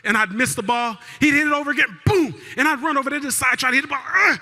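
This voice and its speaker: A man giving a motivational keynote, leading the crowd in call-and-response and telling a story that swings between loud and hushed. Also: extremely high pitch, quick pace. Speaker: keynote speaker. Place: large event hall. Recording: live hall with long reverb.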